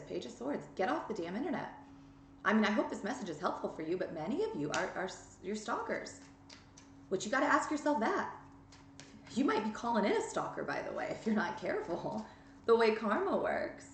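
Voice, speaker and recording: A woman's voice: mid-range voice, a little hiss or hum. A woman giving a tarot reading straight to her viewers, blunt and emphatic, scolding them and urging them on. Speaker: tarot reader. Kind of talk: direct-to-camera tarot reading. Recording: echoey room with faint ambience.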